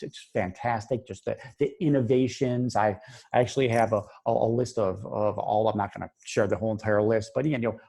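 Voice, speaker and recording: A male psychologist presents a webinar in a loose, conversational way, often restarting his sentences. His voice is husky and darkly mellow, and he sounds like he is speaking into a computer mic on a video call. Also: fairly low pitch. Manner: conversational, many restarts and fillers, quotes clients in brief voices.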